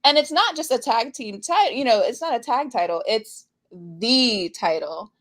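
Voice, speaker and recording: Talking a little fast in a high, very animated voice, a woman co-hosts a casual wrestling podcast. She goes over the week's matches with frequent laughter, often trailing off mid-thought.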